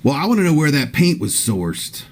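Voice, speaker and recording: A man's voice: on the high side, sing-song, normal speed. Earnest, hesitant man player. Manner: earnest, hesitant, repeating words. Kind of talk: in-character tabletop play.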